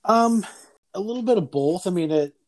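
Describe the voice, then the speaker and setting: A man hosting a podcast, talking in a relaxed, agreeable, casual way. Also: sits high, moderate pace. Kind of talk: casual conversation.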